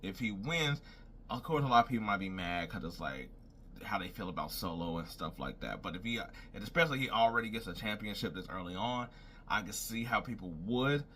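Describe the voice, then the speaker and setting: A young wrestling commentator speaks fairly quickly and expressively in a fairly low, bright, forceful voice, with slight background noise. Alone and casual, he rambles through his predictions, thinking aloud and repeating "I was like."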